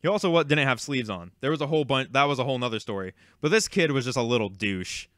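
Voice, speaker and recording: A man's voice: mid-range voice, expressive, quick pace, a bit bright, no room sound, clean studio sound. A young man casually telling a long, rambling, exasperated story about a card game tournament, with frequent fillers and swearing. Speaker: YouTube card game creator.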